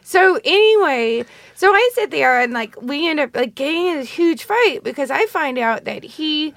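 A woman's voice: sits high, animated, moderate pace, a bit bright, no room sound. A woman, a guest in a casual chat, talking in a chatty way packed with fillers and the odd swear.

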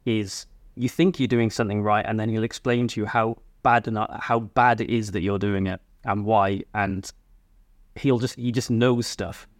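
Young male co-host, lowish voice, dry sound, relaxed explanations with hedges. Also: normal speed, no echo. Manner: easygoing, hedging, explains step by step. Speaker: podcast co-host. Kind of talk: casual chat.

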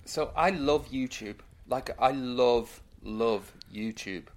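A man's voice: medium pitch, slow. Candid British man chatting loosely. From United Kingdom. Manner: candid, loose, rambling and self-reflective. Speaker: guest, musician. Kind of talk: casual chat.

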